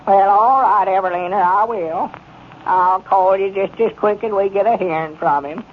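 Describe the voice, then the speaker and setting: A man's voice: sits high, natural voice. Abner, a man doing a fretful Arkansas storekeeper. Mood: on the phone. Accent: rural Arkansas. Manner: halting, fretful rustic drawl. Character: worried, simple-hearted country storekeeper, male. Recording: muffled 1930s radio broadcast with faint hiss.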